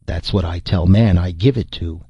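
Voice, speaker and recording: A man's voice: low-pitched, moderate pace, husky, no room sound, highs cut off. A man voicing a brutish, suspicious male tribal slaver chief in an audiobook, speaking in clipped, broken phrases. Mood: gruff. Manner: broken clipped speech, blustering. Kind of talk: audiobook character voice.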